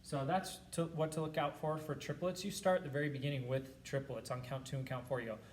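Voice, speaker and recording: A man's voice: fairly high pitch, fairly even intonation, fast talker, a little hiss or hum. A man teaching a band practice lesson, patiently explaining and counting and singing rhythms aloud to demonstrate. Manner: patient, encouraging instruction.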